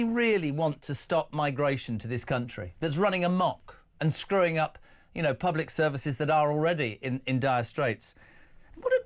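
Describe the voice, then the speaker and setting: A middle-aged Englishman hosting a radio phone-in, animated and emphatic with jokey asides. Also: fairly high pitch. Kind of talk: opinionated talk radio. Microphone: studio microphone.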